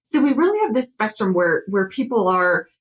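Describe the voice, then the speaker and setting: A woman's voice: medium pitch, animated, normal speed, rough recording. Woman counselor explaining things thoughtfully. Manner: warm, explanatory, frequent fillers. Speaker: guest counselor. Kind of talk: conversational interview.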